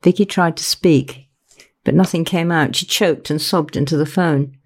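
A woman narrating her own novel in a measured, unhurried reading. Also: low-pitched. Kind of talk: audiobook narration.

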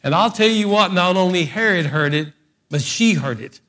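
Male preacher, sermon, animated storytelling, humorous asides, higher-pitched voice. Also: normal speed.

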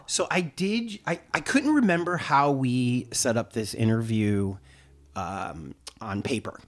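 A podcast host in his or her forties runs a casual interview, chatty and self-deprecating. The voice sits at medium pitch, with lively intonation and an unhurried pace.

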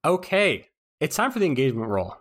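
A man's voice: on the high side, fairly quick. Man running a tabletop game. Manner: relaxed, joking, stops to laugh at his own flubbed accents. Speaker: game master.

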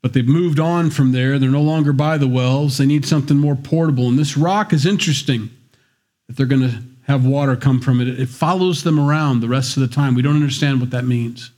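A man's voice: medium pitch, brisk, darkish tone. Conversational male Bible teacher. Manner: conversational, wry asides, acts out voices. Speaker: pastor.

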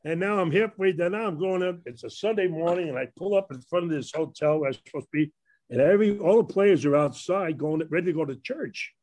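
A man's voice: a little high, a little fast, a little mellow. An older man with a Brooklyn accent telling rambling stories about his past, laughing at his own tales. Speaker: former ballplayer telling stories. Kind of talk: casual storytelling on a panel.

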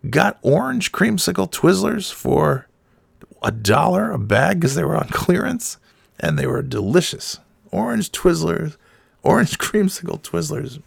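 A man recounting a trip in casual, rambling chat with swearing, his voice hoarse and fading. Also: fairly high pitch, expressive, unhurried, no echo, studio quality. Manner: rambling, profane, laughs mid-sentence. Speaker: vlogger.

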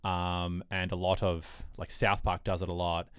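A man's voice: deep voice, monotone, measured pace, clean tone, no echo, studio quality. A man co-hosting a podcast in a casual chat, rambling with lots of fillers as he retells TV scenes. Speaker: podcast co-host.

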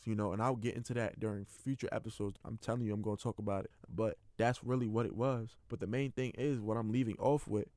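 Young man, rapid speech, earnest and heartfelt, dry close sound. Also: fairly low pitch, darkish tone, no room sound. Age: young adult. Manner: earnest, heartfelt, rapid and loose with many fillers. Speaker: podcast host, college football player. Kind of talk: candid personal monologue.

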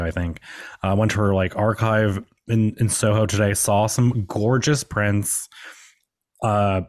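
Low-voiced man, rambling podcast host. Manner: rambling, laughing, swears often, many "like" fillers. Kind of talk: casual chat.

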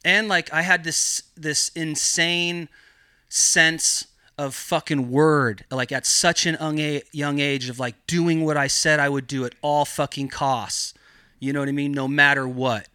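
A man's voice: fairly high pitch, fairly even intonation, a little slow, sharp tone, smooth, no echo, clean studio sound. A man guesting on a podcast, telling a story in casual style with heavy swearing and lots of rambling filler. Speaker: podcast guest, cannabis grower.

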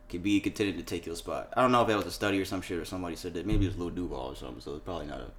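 A man's voice: sits low, big pitch swings, rapid-fire, hardly any pauses, a bit bright. A young man co-hosting a podcast, chatting casually and loosely, swearing, laughing and reading headlines aloud. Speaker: podcast co-host. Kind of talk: casual chat.

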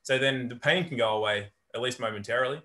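A man's voice: mid-range voice, fast talker, pushed and bright. A man who works as a coach, a guest on a casual podcast, speaking reflectively and telling stories. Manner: storytelling, reflective.

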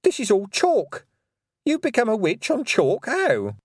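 A man voicing an anxious, inquisitive witch teacher in a high, fretful voice in an audiobook. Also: wildly swooping pitch, unhurried, husky, no room sound, studio quality, full character voice.

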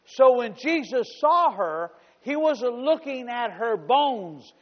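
Brief: high-pitched male pastor, sermon delivery, humorous stories that swell into shouting, long reverb, slightly muffled. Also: very animated, slow pace. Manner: storytelling with humor, rising to shouts.

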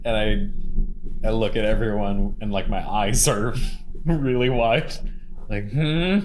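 A man's voice: fairly low pitch, steady tone, unhurried, darkish tone, rough recording. A man playing in a tabletop game, hesitant and full of fillers. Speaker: player. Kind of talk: casual tabletop play.

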